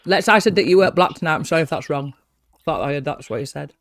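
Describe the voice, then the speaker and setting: A man's voice: a little high, lively intonation, quick pace, a bit bright, dry recording. A man hosting a live stream, chatting casually in a rambling, sweary way. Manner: sweary, rambling, laughing, chewing while talking. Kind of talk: casual chat.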